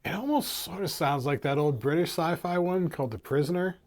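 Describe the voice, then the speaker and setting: A man's voice: on the high side, a little fast. A man co-hosting a casual podcast chat, curious and asking follow-up questions. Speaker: podcast co-host.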